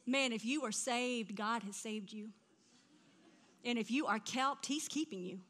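Woman preacher, middle-aged, high bright voice, animated storytelling that swings from hushed to loud. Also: a little slow. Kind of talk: sermon.

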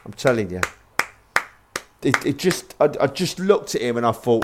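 A man's voice: mid-range voice, expressive, moderate pace, very noisy. A man, co-hosting a casual podcast chat, blunt and swearing as he works himself up into angry rants. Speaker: podcast co-host.

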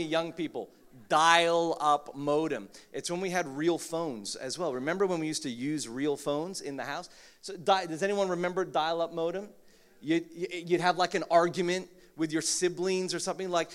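A man in his thirties preaching a sermon, joking and mocking himself, with many fillers and restarts. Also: mid-range voice. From Philippines. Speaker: pastor. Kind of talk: humorous sermon.

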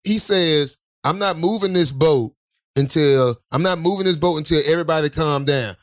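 A man telling a wild story in casual chat, acting out the people in it with shouted quotes and laughs. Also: fairly high pitch, normal speed. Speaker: podcast co-host telling a story. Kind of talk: animated storytelling with acted-out quotes.

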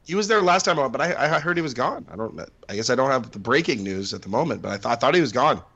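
A man chats as a podcast co-host, his pitch rising and falling a lot as he tells stories. He rambles, stopping to restart his sentences and filling the gaps with ums and uhs. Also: animated, fast talker, pushed and bright, breathy edge, dull audio. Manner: rambling, many fillers and restarts. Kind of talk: casual chat.

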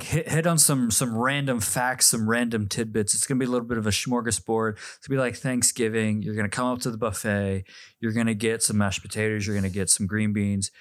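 A man's voice: lowish voice, no room sound, clean studio sound. A man hosting a casual podcast chat, playful and fond of wordplay. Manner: playful, wordplay and food banter. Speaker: podcast host.

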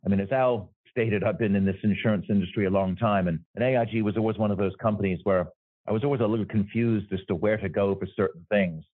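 Low-voiced insurance exec guy, explaining stuff in an interview, keeps saying "right?", dry tinny phone-ish sound. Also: steady tone, quick pace, no echo. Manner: explanatory, tags points with "right?". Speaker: insurance executive. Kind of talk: business interview answers. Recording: dry, phone-like remote audio.

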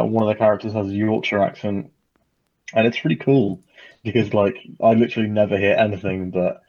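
A man co-hosting a gaming podcast, talking casually and hesitantly with many fillers. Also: sits low. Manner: hesitant, many ums and likes. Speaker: podcast co-host. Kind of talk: casual chat. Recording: dull lo-fi mic.

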